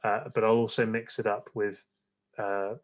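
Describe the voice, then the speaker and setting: A man's voice: fairly low pitch, little pitch movement, normal speed, lo-fi sound. A man, a guest on a podcast, chatting casually and rambling with many fillers and restarts. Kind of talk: casual interview chat.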